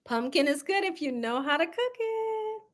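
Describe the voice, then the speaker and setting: Woman, animated, swooping pitch, chatty livestream host, laughs a lot. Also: moderate pace. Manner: chatty, lively, laughs often, talks to viewers as y'all. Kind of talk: casual live chat reading viewer comments.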